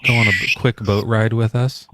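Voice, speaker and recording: A man's voice: fairly low pitch, steady tone, normal speed, noisy background. A man hosting a casual call-in show, spinning a playful, rambling story. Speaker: host.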